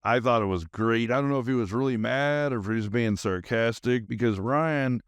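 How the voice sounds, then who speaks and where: Rambling man with a smooth voice. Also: medium pitch, normal speed, dry recording. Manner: rambling, nonstop talker with many fillers. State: highly caffeinated. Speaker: podcast host. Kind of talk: rambling solo podcast monologue.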